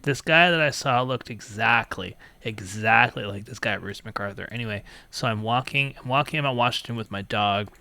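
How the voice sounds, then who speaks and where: A man with a bright, forceful, somewhat low voice hosts a casual call-in talk stream. He rambles through stories, trails off mid-sentence, and laughs often. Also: moderate pace, creaky, few pauses. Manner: rambling, laughs often, mock phone-menu voice. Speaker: call-in show host. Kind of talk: casual storytelling chat.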